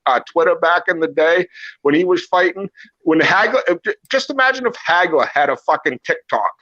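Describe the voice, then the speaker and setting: Brief: man, slightly high voice, rambling and profane co-host, muffled lo-fi recording. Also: a bit bright. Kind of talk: casual chat. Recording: muffled lo-fi audio.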